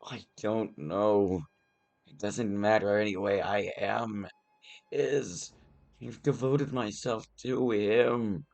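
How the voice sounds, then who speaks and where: A man voicing a devoted older male knight in a tabletop game, gravelly and solemn. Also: lowish voice, fairly even intonation, slow pace, darkish tone, pitched above the performer's own voice. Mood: defensive. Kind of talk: tabletop role-play voicing.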